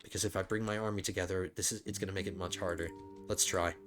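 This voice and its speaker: A man's voice: sits low, steady tone, quick pace, music in the background. A man hosting a let's play, thinking aloud in casual gameplay commentary, rambling with frequent restarts.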